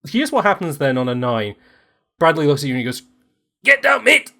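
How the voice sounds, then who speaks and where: A man narrates as game master of a tabletop game. His pitch rises and falls a lot, and he talks in a lively, animated way. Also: fast.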